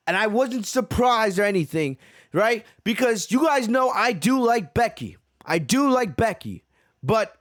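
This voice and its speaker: A man with a notably high voice vents on his podcast in a rambling, heated rant. He repeats his points and stumbles over restarts as his frustration builds. The sound is dry and close, with no room echo. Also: fairly bright tone. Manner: frustrated, repeats himself, many fillers. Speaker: wrestling podcast host. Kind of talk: ranting reaction commentary.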